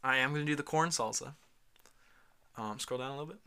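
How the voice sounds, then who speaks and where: An easygoing young man co-hosts a casual podcast. His voice has a bright, sharp edge, and he lets his stories wander as he talks. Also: mid-range voice, quick pace, vocal fry, clean tone. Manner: easygoing, tells stories in a rambling way. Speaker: podcast co-host. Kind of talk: casual chat.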